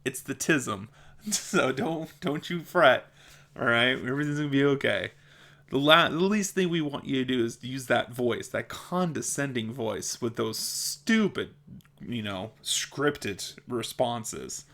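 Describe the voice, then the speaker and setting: A man's voice: medium pitch, expressive, measured pace, vocal fry, pushed and bright. A young adult man with a mild speech impediment, vlogging in a blunt, exasperated way and laughing between points. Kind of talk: casual opinion vlog.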